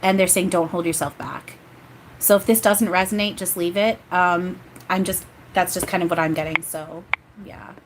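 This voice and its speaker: A woman's voice: lowish voice, steady tone, normal speed, slight background noise. A woman giving a casual livestream channeling reading, chatty and rambling, often breaking into laughter. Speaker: psychic medium.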